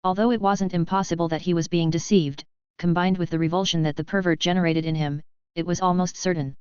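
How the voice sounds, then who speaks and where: A woman reading a web novel aloud as an audiobook narrator, in an even, measured way. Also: on the low side, smooth, no echo, lo-fi sound.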